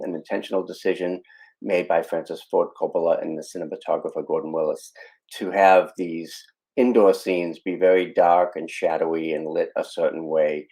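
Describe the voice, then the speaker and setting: A man's voice: low voice, warm tone, poor audio. A man hosting a podcast, casually explaining a film scene with frequent fillers and asides. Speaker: podcast host.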